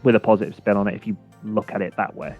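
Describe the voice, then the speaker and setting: Co-host, male, lowish voice; chatty, meandering, lots of ums, muffled line. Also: fairly even intonation, fast, slightly rough. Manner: rambling, many fillers and restarts, chuckling. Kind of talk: casual chat. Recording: dull lo-fi sound with faint music.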